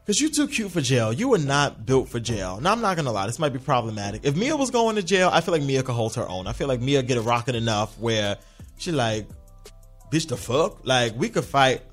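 A man's voice: medium pitch, very animated, quick pace, few pauses, faint music behind. A man hosting a podcast, recapping a TV episode in a casual, sassy monologue, often slipping into mocking voices. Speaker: podcast host.

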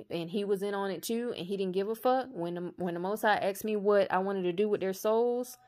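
A woman with a somewhat low voice delivers a casual spiritual monologue to her viewers. She is blunt and preachy, swears freely, and drives her points home slowly and emphatically. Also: a little mellow. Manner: slow emphatic delivery that builds to raised intensity.

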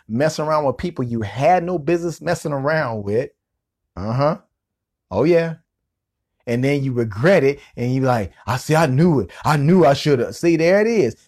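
A middle-aged man and motivational coach telling a story on his podcast in a lively, slangy way, with vocal sound effects. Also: fairly high pitch.

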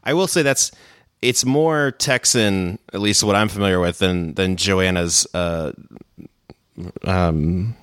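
Low-voiced wry male podcast host. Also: a bit bright, smooth, no echo, studio quality. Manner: easygoing, wry, drawn-out phrases. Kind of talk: casual chat.

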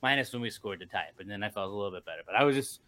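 Young podcast co-host, bright tense tone, angry swearing fan venting. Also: male voice, on the low side, lively intonation, very fast. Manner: angry, profane ranting about his football team. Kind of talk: casual podcast rant.

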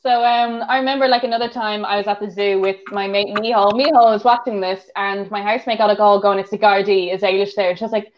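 A woman's voice: mid-range voice, steady tone, fast, hardly any pauses. A woman with an Irish accent, co-hosting a podcast, telling stories in casual chat with lots of giggles. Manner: giggly storyteller. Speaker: podcast co-host. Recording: dull lo-fi sound.

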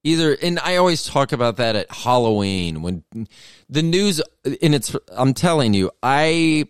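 A man's voice: mid-range voice, sing-song, unhurried, clean tone, no echo, studio quality. A middle-aged man hosting a podcast, telling a rambling comedic story that keeps interrupting itself. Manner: meandering, self-interrupting storytelling. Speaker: podcast host.

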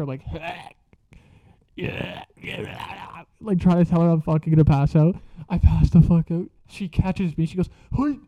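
A man's voice: sits high, no echo. A young man casually telling a story from school, slangy and profane, laughing as he goes. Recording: dull lo-fi sound.

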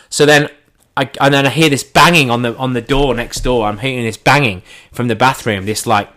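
A man telling a first-person anecdote in an animated way, acting out his own lines and his friends' lines as he goes. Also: medium pitch, fairly quick. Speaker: storyteller.

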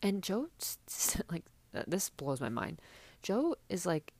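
A woman's voice: lowish voice, sing-song, measured pace, vocal fry, a little mellow, dry recording. A young woman chatting casually and sarcastically as a podcast host, with many fillers. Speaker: podcast host recapping reality TV. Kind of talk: casual chat.

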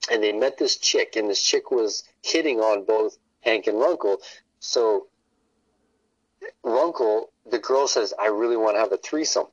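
A man's voice: on the low side, no echo, dull audio. A man, a podcast guest, in casual chat, telling stories in a rambling, profane way.

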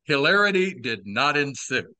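A man's voice: medium pitch, very animated, moderate pace, sharp tone, dry recording. A man in his sixties from Texas with a Southern accent, telling old stories on a podcast with wry, playful asides. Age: 60s. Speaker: podcast host. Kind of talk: casual storytelling chat.

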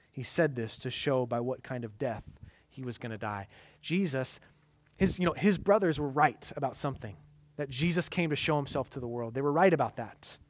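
A man preaching a sermon, swinging from loud, emphatic lines to hushed, quiet passages. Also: mid-range voice, lively intonation, moderate pace, dry recording. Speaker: pastor.

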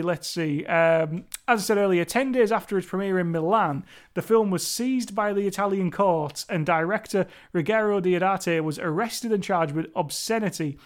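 A young man with a fairly high voice talks through a solo podcast episode. His delivery is loose and enthusiastic, full of restarts and asides. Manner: chatty, rambling, enthusiastic with restarts. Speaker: podcast host. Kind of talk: casual solo podcast review.

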